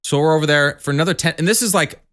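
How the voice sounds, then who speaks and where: Fast-talking, profane young man. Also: a little high, fairly bright tone. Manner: fast, profane storytelling with acted-out quotes. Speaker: podcast co-host. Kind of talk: casual chat.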